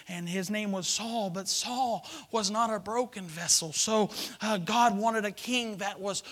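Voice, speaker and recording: A man preaching a sermon, acting out a story in character voices and swinging between shouted lines and hushed whispers. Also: high-pitched, a little slow, hardly any pauses.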